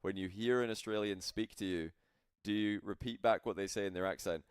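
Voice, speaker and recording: A man's voice: lowish voice, a little fast, a little hiss or hum. A man, casting a live stream and chatting loosely with his viewers in a rambling, joking way. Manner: chatty, rambling, addresses chat. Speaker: esports caster. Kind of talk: casual live-stream commentary.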